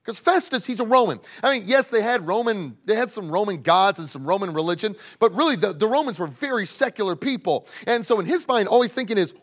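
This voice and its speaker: High-voiced emphatic preacher man. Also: animated, fast, hardly any pauses. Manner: emphatic, swings between loud pleading and hushed asides; speaks directly to young people in the congregation. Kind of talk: sermon.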